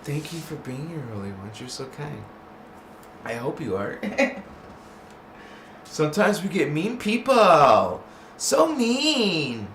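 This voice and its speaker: A man hosting a casual livestream chats loosely with his audience, laughing often and slipping into chanted made-up words. His slightly bright voice is on the high side, slow with frequent pauses and big pitch swings. The recording sounds roomy, with faint background hiss.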